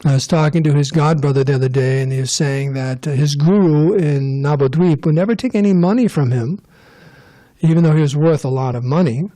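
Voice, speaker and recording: A man's voice: on the high side, a little fast, warm tone. A man giving a casual scripture class, rambling and joking with digressions. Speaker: temple class speaker.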